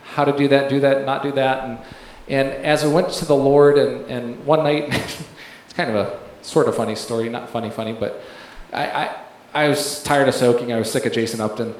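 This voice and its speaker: A man's voice: mid-range voice, fairly even intonation, moderate pace. A man shares a personal story at a church service, wandering through fillers and false starts. His voice echoes heavily around a large room, with faint noise underneath. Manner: rambling, full of fillers and restarts, laughs while telling. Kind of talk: sermon testimony.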